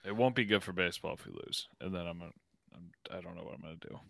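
Deep gravelly man on a sports podcast. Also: quick pace, a bit bright, no echo. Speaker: podcast co-host. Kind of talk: casual sports chat.

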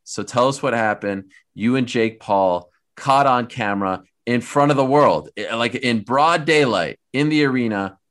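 A man's voice: mid-range voice, normal speed, few pauses, fairly bright tone. A man hosting a casual interview chat, easygoing and asking questions. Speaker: podcast host.

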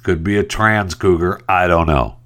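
Wry male host, very low voice, loose joke-telling monologue. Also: normal speed, fairly bright tone. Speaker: radio host. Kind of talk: casual talk-show monologue.

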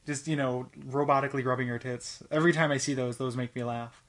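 A man's voice: medium pitch, fairly even intonation, fairly bright tone. Rambling man hosting a casual podcast. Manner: rambling, halting, many fillers and restarts. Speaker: podcast host. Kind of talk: casual solo podcast monologue. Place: home studio with his cat.

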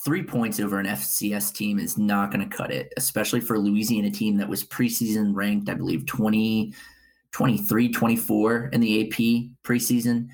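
A man's voice: lowish voice, level tone, normal speed, gravelly, darkish tone, low-quality recording. A man co-hosting a college football show, giving blunt, opinionated analysis of the games.

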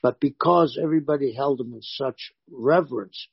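A man, a former pro wrestler, telling animated stories in a casual interview and voicing the people in them. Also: mid-range voice, normal speed, vocal fry, breathy edge, no room sound, lo-fi sound. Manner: animated anecdotes with voiced quotes.

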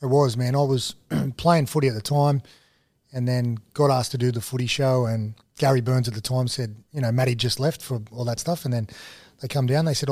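An Australian man in his thirties, a laid-back, slangy storyteller guesting on a podcast. His voice sits at an ordinary middle pitch. The sound is dry and close, with no room echo. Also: fairly even intonation, brisk, darkish tone. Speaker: guest, TV host and former rugby league player. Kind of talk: casual storytelling interview.

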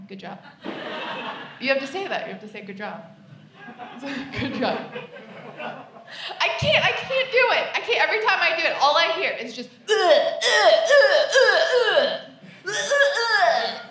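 A woman from the United States performing stand-up comedy on a live stage, with deadpan, repeated punchlines. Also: high-pitched, moderate pace, long pauses. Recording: echoey live venue, distant mic, noise.

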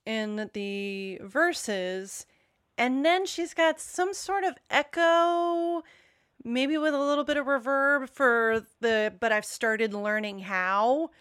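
A woman's voice: high voice, slow pace, a bit bright, no echo, studio quality. A woman chatting casually on a music podcast, rambling with many restarts. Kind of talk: casual chat.

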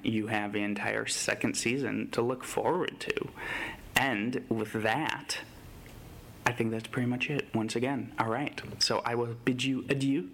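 A man's voice: mid-range voice, vocal fry, bright, forceful tone, slight background noise. A man co-hosting a podcast, running through news in a casual, enthusiastic, rambling way. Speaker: podcast co-host.

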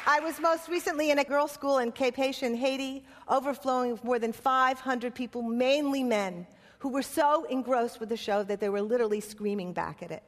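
Woman, playwright and activist, conference speech, impassioned, rhythmic lists, higher voice, long hall reverb. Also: moderate pace, slight background noise.

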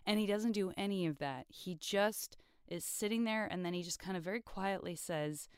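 A woman's voice: medium pitch, normal speed, clear, resonant tone, no echo, studio quality. A young adult woman co-hosting a casual podcast chat, gushing and openly emotional as she recounts a scene. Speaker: podcast co-host.

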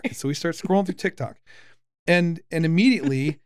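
A man in his forties hosting a casual podcast chat with his son, lively and teasing, often restarting his sentences. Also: on the high side, quick pace, no room sound, studio quality. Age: 40s. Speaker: podcast host, father.

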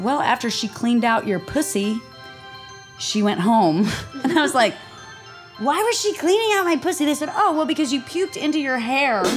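A young woman from Tennessee telling a story in an interview, swearing freely and acting out the quoted voices. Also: sits high. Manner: profane, animated, acts out quoted voices. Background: background music.

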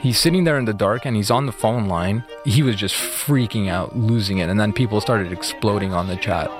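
A man being interviewed, retelling events in a fast, animated way with many fillers. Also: on the low side, soft background music. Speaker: interview guest. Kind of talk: casual storytelling interview.

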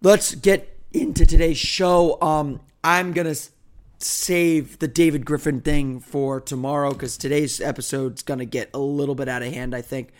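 A hoarse man hosting a solo podcast, talking in a rambling, self-deprecating way. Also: fairly high pitch, steady tone, normal speed. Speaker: podcast host. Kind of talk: casual solo podcast talk.

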